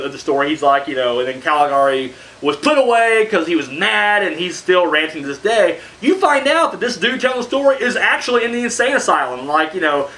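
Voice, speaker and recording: A man's voice: high-pitched, bright, forceful tone. A man reviewing horror films in a rambling, profane way, full of fillers and sarcastic asides. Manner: profane, rambling, heavy on "you know" fillers. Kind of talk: casual rambling film review.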